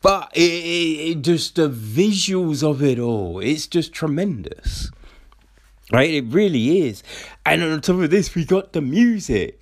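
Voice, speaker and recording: A man giving a rambling, excitable film review, swearing freely and packing his talk with fillers. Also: fairly high pitch, measured pace. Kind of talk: casual spoken film review.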